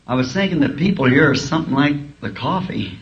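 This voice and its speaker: A man's voice: a little high, animated, brisk. A man preaching a sermon in a school auditorium, telling folksy, humorous stories. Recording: dull archival tape, faint hiss.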